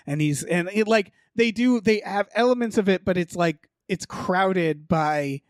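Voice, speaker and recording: A man's voice: high-pitched, moderate pace, hardly any pauses, clean tone, no room sound, clean studio sound. A man co-hosting a podcast, chatting loosely about movie trailers with lots of fillers, profanity and laughs. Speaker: podcast co-host. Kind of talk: casual movie chat.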